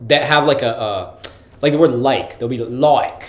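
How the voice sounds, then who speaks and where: A man's voice: medium pitch, moderate pace, a bit bright. An American man co-hosting a casual podcast chat, speaking in a loose, slangy way with lots of filler words. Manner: laid-back slangy talk, lots of "like" and "bro". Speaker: podcast co-host. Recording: echoey room.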